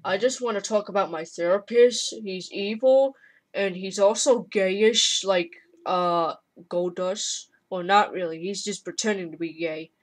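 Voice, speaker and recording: A woman voicing a gloomy male undertaker wrestler who talks in an offhand, low-key way. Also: measured pace, natural voice.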